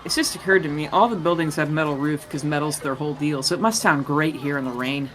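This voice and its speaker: A man narrates a tabletop game as its game master, talking in a loose, rambling, joking way. His voice sits a little high for a man, with a faint hum of background noise. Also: fast talker.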